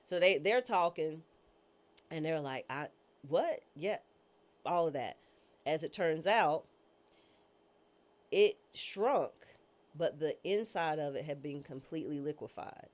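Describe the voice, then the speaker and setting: A woman's voice: low-pitched, lively intonation, slow, pauses often, a little mellow. A woman judge as an interview guest, telling a personal story in a candid, slangy, self-mocking and dramatic way. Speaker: interview guest, judge and former public defender.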